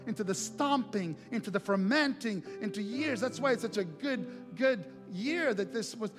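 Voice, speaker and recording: A middle-aged male pastor telling a lively personal story in a sermon, acting out the other voices in it. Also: high voice, normal speed, few pauses. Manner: animated storytelling with quoted voices. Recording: long reverb, faint music.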